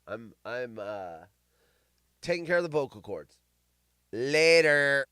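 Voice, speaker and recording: Male host, hoarse and tired, smooth tone under it, dry close recording. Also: mid-range voice, animated, slow pace, no echo. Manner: quiet and tired, trailing off. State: losing his voice, clearing throat. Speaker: podcast host. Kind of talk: casual chat.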